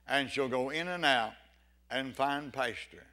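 With a mid-range voice and measured pace, a man delivers a fervent evening sermon. Phrases come back again and again, punctuated by shouts of "amen" and "hallelujah," as he climbs toward loud exclamations.

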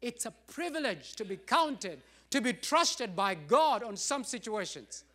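A man's voice: extremely high pitch, very animated, measured pace, bright, forceful tone. A middle-aged man pastor preaching a sermon, emphatic and repetitive, with rising bursts.

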